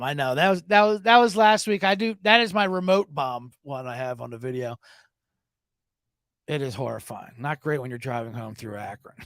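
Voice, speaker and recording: A man's voice: fairly high pitch, creaky, sharp tone, no echo, studio quality. A man hosting a sports betting podcast in loose, profane, rambling casual chat.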